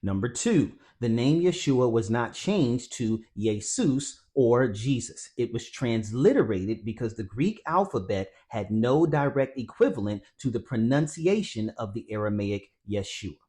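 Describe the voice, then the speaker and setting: A man speaks at an everyday middle pitch in a steady, explanatory teaching voice. He talks his viewers through a Bible lesson step by step and calls them family. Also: moderate pace, hardly any pauses. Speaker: Christian teacher. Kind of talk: scripted teaching narration.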